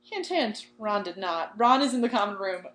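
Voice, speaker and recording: A woman's voice: mid-range voice, fairly quick, a bit bright, roomy sound. A young woman in casual podcast chat, retelling a book and acting out the quoted lines with giggles.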